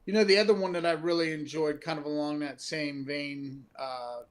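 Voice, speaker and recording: A man's voice: a little high, steady tone, normal speed. A man in casual podcast chat, joking and emphatic.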